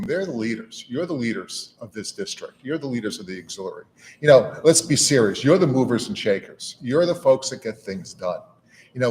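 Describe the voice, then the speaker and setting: A man's voice: medium pitch, slight background noise. A middle-aged man giving a conversational speech to a room of volunteers. He talks in a folksy, easygoing manner, often repeating words and saying "you know". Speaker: national auxiliary leader giving a speech. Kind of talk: informal speech to a gathering. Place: meeting room with an audience.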